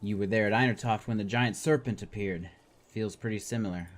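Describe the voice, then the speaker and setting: A man's voice: lowish voice, brisk. A man hosting a let's play, reading game dialogue aloud with jokey asides. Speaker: gaming video host.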